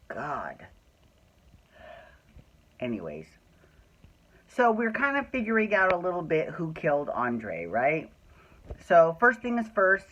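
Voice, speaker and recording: Low-voiced cursing woman ranting at home. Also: highs cut off. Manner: swears freely, exasperated ranting. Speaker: soap opera recap podcast host. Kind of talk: casual venting chat. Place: at home indoors.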